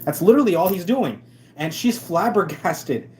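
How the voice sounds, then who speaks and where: A man's voice: high-pitched, animated, normal speed, darkish tone. A man hosting a live stream, ranting in a sarcastic, emphatic way with many restarts. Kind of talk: casual ranting commentary.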